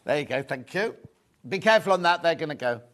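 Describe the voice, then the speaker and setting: A man's voice: fairly high pitch, expressive, fast talker, fairly bright tone. A man presenting a live shopping show, chatty and gushing, repeating his phrases as he shows off fabrics. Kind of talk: live sales chat.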